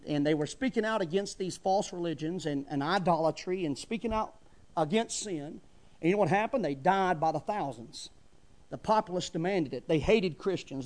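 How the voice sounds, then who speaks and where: A man's voice: high voice, a little mellow. A middle-aged man preaching a sermon in a fervent, folksy style, building to emphatic bursts.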